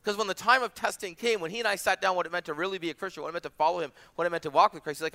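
Male pastor, 40s, bright and somewhat high voice, conversational sermon with rhetorical asides. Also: lively intonation, rapid-fire, few pauses.

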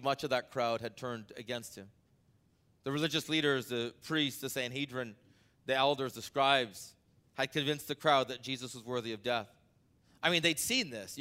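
In a pushed, bright voice, a man preaches as pastor, talking his way conversationally through an anecdote. His delivery builds to emphatic peaks, then sinks low again.

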